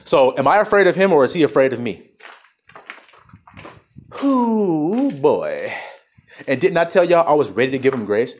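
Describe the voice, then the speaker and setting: A man preaching a fiery, profane sermon in a high voice. His pitch swings widely, from low, muttered asides to emphatic shouts. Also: very animated, moderate pace, pauses often, highs cut off, slight background noise. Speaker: self-styled preacher. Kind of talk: fiery street-style sermon.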